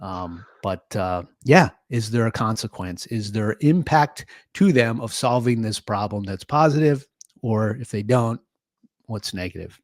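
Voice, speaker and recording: A man co-hosting a podcast, calmly explaining ideas in casual chat with fillers. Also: on the low side, a little slow, no room sound, clean studio sound. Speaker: podcast co-host, sales consultant.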